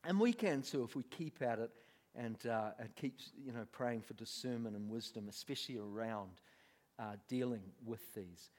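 Animated preacher telling a story. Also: male voice, mid-range voice, normal speed. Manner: animated, laughing storyteller acting out voices. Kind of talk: sermon storytelling.

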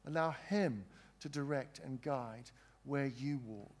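A man preaching a sermon, earnest, pausing for emphasis and putting questions to his congregation. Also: mid-range voice, a little mellow. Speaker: pastor.

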